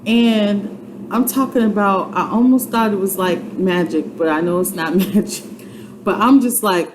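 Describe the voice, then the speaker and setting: Woman vlogger, mid-pitched, earnest chatty testimony, steady noise behind. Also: a little slow. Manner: chatty and earnest, repeats herself, many fillers. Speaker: vlogger sharing a personal testimony. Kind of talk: casual heartfelt testimony. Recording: clear background noise.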